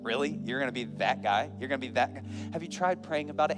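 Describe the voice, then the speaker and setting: A male pastor delivering a sermon in a church, swinging from hushed earnest appeals to loud, fervent preaching while a band plays behind him. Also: medium pitch, quick pace. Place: church sanctuary. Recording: long hall reverb with band music. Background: live band playing.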